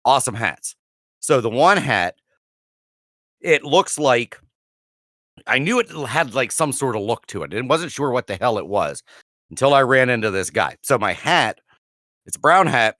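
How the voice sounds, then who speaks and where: A man's voice: mid-range voice, big pitch swings, normal speed, long pauses, bright, forceful tone, no room sound, clean studio sound. A man co-hosting a podcast, telling rambling stories in casual chat with restarts and laughs. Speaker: podcast co-host.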